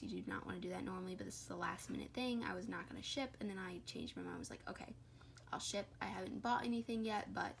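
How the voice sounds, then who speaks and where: A chatty woman talks through an offhand how-to at home, her voice mid-pitched and ordinary. She rambles, corrects herself mid-sentence and fills gaps with "um". A faint hiss and a few clicks sit behind her phone-camera sound. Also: creaky, fairly bright tone. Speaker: reptile keeper vlogger. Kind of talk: casual how-to vlog.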